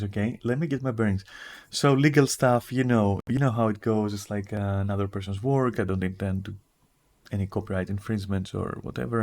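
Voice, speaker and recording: A man streaming from home with a raspy, just-woken-up voice, rambling casually and swearing now and then. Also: lowish voice, darkish tone. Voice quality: raspy morning voice. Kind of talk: casual livestream chat. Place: at home in front of a camera.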